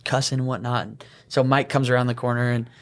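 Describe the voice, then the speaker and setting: Man, young adult, podcast co-host, gravelly voice, animated storytelling. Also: mid-range voice, fast. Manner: animated, laughing while telling a work story. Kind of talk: casual storytelling chat.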